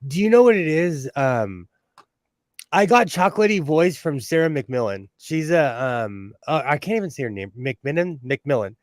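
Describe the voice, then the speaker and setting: A man's voice: fairly high pitch, animated, moderate pace, dry recording, studio quality. A middle-aged man hosting a casual sewing livestream from home, chatty and self-mocking, reading chat questions aloud.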